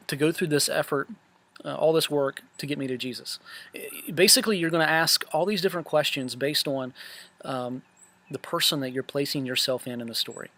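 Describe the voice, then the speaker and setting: Guy from a bible camp going over last week's class, kinda high voice, dry close sound, lots of ums. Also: dry recording. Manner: relaxed, many fillers and restarts, earnest. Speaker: camp director. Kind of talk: casual spoken recap of a Bible class.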